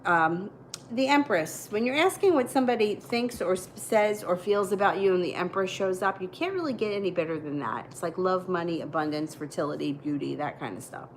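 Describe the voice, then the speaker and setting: A woman's voice: fairly low pitch, lively intonation, a little fast, a little hiss or hum, poor audio. A woman doing live tarot readings, answering viewer questions in a loose, chatty way. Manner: casual, explains readings conversationally with fillers. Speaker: tarot reader.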